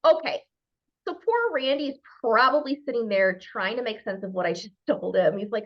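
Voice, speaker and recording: A woman from Minnesota with a Minnesota accent, giving an animated talk as a guest speaker on a video call and acting out little dialogues playfully. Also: on the high side, a little fast. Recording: muffled video call audio.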